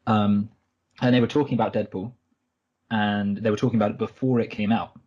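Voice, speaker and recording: Rambling husky man podcast host. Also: on the low side, fairly even intonation, fairly quick, a little mellow, dull audio. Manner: rambling, self-correcting storyteller. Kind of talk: casual podcast chat.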